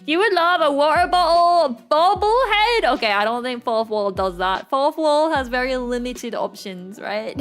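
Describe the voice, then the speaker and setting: Young girl streamer, kinda high voice, giggles a lot, faint music in the back. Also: fairly bright tone. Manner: giggly, laughs often between lines. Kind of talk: casual live-stream chat with viewers.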